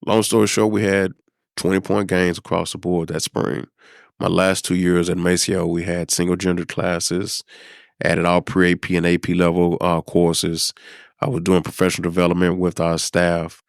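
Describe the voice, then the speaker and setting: A middle-aged man from South Dallas, a podcast guest telling a personal story in an unhurried, reflective way, with many pauses and fillers. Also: sits low, little pitch movement, vocal fry, clear, resonant tone, no room sound, studio quality. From South Dallas, Texas. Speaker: podcast guest, former high school principal.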